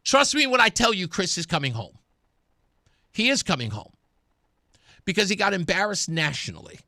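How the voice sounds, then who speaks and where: A man's voice: sits high, moderate pace, dry recording, clean studio sound. A man hosting a talk radio show, delivering an opinionated, mocking monologue with frequent laughter. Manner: mocking, animated, laughs often.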